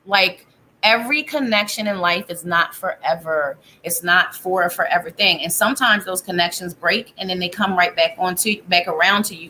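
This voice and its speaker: A woman with a bright, forward voice gives a live tarot reading from her home. She talks casually, thinking aloud and breaking off mid-sentence. A faint hiss of background noise sits under the recording. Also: on the low side. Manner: chatty, thinks aloud, self-interrupting. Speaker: psychic tarot reader.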